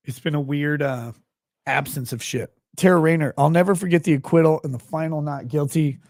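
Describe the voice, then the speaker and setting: A man hosting a live stream, reading viewer comments aloud with sardonic jokes, sudden loud outbursts and quiet asides. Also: on the high side, dry recording, studio quality. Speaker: show host.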